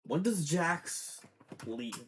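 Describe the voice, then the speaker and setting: Slow-talking fan, swearing and teary. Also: mid-range voice, animated, a little hiss or hum. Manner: rambling, swears often, gets teary. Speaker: fan commentator. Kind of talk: casual show breakdown.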